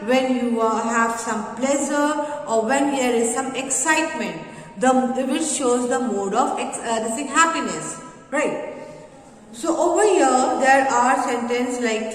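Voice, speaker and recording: A woman teacher explaining a lesson to children, slow and halting with many fillers. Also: a little high. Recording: echoey room, voice from a distance.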